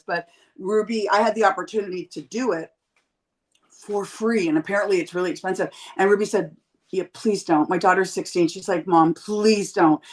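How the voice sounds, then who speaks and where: A woman in her fifties chats with blunt, profane humor. She tells stories animatedly, jumping into quoted voices, and her voice sits in a middle pitch. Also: low-quality recording. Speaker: podcast guest. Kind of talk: candid casual chat.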